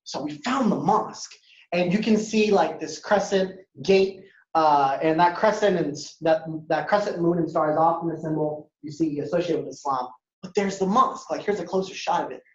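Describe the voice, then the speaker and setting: A man giving a lively storytelling talk as a guest speaker at a university, acting out dialogue in a casual way. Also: fairly high pitch, moderate pace. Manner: animated, acts out dialogue, casual. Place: university lecture hall. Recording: echoey hall, dull lo-fi sound.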